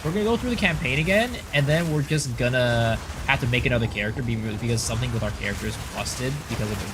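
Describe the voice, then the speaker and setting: A man's voice: mid-range voice, quick pace, noisy background. A man streaming a game, casually commenting, joking and answering his viewers as he plays.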